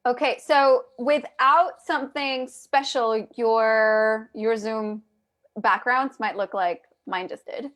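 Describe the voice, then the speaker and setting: A woman's voice: fairly high pitch, fairly even intonation, slow, a bit bright. A woman hosting a casual live video chat, talking straight to her viewers with lots of restarts, over a video call mic. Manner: chatty, addresses viewers directly, many restarts. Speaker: host.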